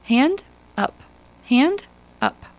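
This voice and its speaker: A woman's voice: sits high, sing-song, drawn-out words, pitched above the performer's own voice, heavily acted. Woman voicing a stern cold robot psychologist. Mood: patient. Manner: cold, clipped and patient.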